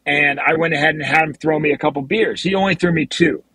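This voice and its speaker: A man's voice: on the high side, fast talker, pushed and bright, slightly rough, no room sound, rough recording. A man, a martial arts competitor, casually telling the story of his championship celebration. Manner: easygoing, laughs along.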